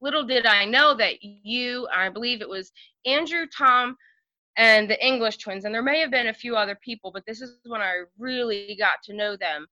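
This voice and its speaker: Chatty woman with a bright, tense voice. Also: fairly high pitch, moderate pace, dry recording. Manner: chatty, many fillers like "um" and "like". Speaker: podcast guest. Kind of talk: casual storytelling. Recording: dry, slightly dull lo-fi sound.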